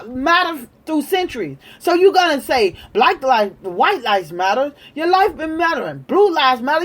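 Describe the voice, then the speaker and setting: A woman's voice: sits high, very animated, moderate pace, hardly any pauses, a bit bright. A woman delivering a heated, profane political rant, repeating her points with emphasis. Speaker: political commentator.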